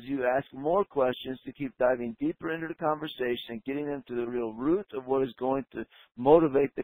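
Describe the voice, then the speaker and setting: A man coaching dental front-desk staff in a training talk, emphatic and slowing down to stress key points. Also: fairly high pitch, darkish tone, no echo, low-quality recording. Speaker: practice coach.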